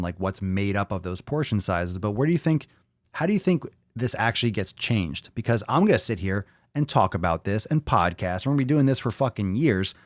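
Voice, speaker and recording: A young male podcast host talks in a low register, drifting from thought to thought and swearing casually. He keeps turning to his live viewers with questions. The sound is dry and close, with no room echo. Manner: rambling, profane, asks the audience questions. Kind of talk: casual livestream chat with viewers.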